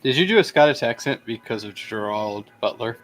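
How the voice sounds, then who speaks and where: A man's voice: mid-range voice, expressive, brisk, a little hiss or hum. A man co-hosting a casual livestream who teases the host and laughs often.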